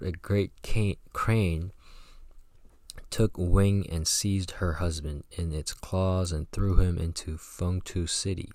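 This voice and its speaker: A man with a very deep voice reads a folktale aloud and stops now and then for casual, slangy commentary. The recording is close and dry, with no room sound. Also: steady tone, slow pace, a little mellow, no room sound. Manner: breaks off into chatty, slangy asides. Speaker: reader and commentator. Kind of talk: reading aloud with casual asides.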